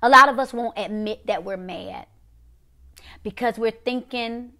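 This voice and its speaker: A woman preaching, emphatic and repetitive, dropping to quiet one-word punches. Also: a little high, unhurried. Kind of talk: prophetic preaching to a viewing audience.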